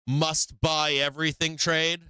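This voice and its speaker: A man's voice: fairly high pitch, a little slow, clear, resonant tone, no room sound. A man hosting a live stock trading show, swearing freely, laughing often and acting out what the market will do. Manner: profane, animated, laughs often, acts out the market. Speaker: livestream trading show host.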